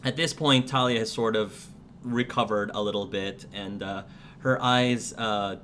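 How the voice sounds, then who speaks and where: A man's voice: on the low side, steady tone, unhurried, fairly bright tone, a little hiss or hum. A man narrating a tabletop game as game master, hesitant and full of fillers. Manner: hesitant, many fillers and restarts.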